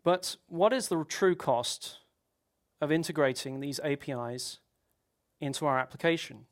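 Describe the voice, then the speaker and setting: A man's voice: fairly high pitch, unhurried. A man giving a technical conference talk, explaining at length with rhetorical questions and frequent restarts. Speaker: conference speaker.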